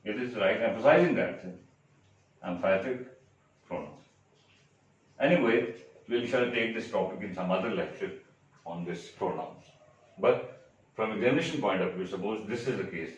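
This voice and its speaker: A man's voice: on the low side, animated, moderate pace, pauses often. A man teaching an English grammar lesson, explaining step by step, repeating examples and checking with "right?". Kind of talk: classroom lecture. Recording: echoey room, mic far off.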